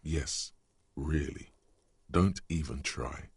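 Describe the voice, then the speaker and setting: An actor voicing a dry, sardonic narrator in a video game. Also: male voice, rumbling low, takes it slowly, slightly rough, no echo, exaggerated voice. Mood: wry. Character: wry, deep-voiced male game narrator.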